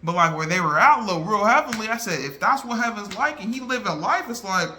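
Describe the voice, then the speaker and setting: An excitable man chats through an anime movie review in loose, slangy talk. His bright voice sits slightly high for a man, and he speaks with lively energy. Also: brisk. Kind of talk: casual chat.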